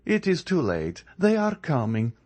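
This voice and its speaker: A man's voice: on the high side, wildly swooping pitch, a little slow, a little mellow, pitched above the performer's own voice. A man voicing a proud, cold young woman who speaks with scorn.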